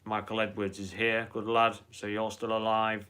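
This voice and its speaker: A man's voice: fairly low pitch, completely flat delivery, moderate pace, pushed and bright, clean tone. Chatty man hosting a live stream. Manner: rambling, chatty, swears freely. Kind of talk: casual live-stream chat.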